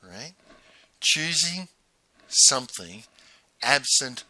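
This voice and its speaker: A man's voice: medium pitch, big pitch swings, pushed and bright, no room sound. A man coaching through a spoken lesson, telling stories, chuckling to himself and often checking in with "right?". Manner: chuckling, halting, frequent "right?" asides. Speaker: business coach.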